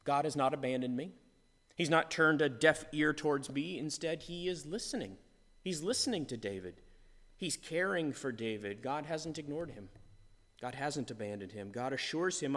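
A man's voice: medium pitch, moderate pace, fairly bright tone. A man preaching a sermon, earnest and repetitive, his voice rising in force on key lines. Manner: earnest, repeats phrases for emphasis, swells in volume on key points. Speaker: pastor. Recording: long reverb of a large hall.

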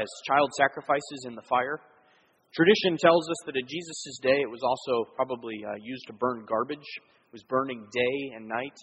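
A man's voice: on the high side, fairly bright tone, slightly rough. A man preaching a sermon as pastor, explaining earnestly with frequent fillers. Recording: long hall reverb.

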